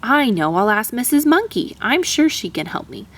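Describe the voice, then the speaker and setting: Lady doing a worried mama kangaroo, pleading and teary, voice jumps way up high. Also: big pitch swings, normal speed, a bit bright, full character voice. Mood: hopeful. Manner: pleading, tearful. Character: anxious mother kangaroo with no pocket.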